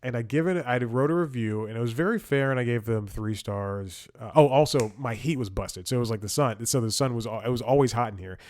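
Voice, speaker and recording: A man's voice: mid-range voice, brisk, few pauses, a little mellow. A young man hosting a comedy podcast, telling a rambling story and often chuckling and restarting his sentences. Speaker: podcast host. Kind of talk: casual comedic monologue.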